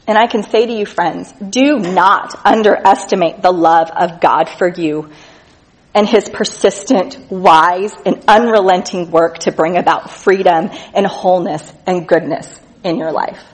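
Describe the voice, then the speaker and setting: A woman preaching a sermon, reading scripture with slow, stressed emphasis and going soft and quiet on tender lines. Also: fairly low pitch, rough recording. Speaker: speaker at a church gathering.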